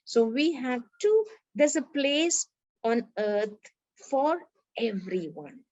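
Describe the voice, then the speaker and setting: A woman with an Indian English accent reads a story aloud to schoolchildren, acting out each character's lines with animation. Her voice sits a little high, and the recording is dry and somewhat dull. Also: big pitch swings, slow, dark tone, no echo. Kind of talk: reading a story aloud to a class.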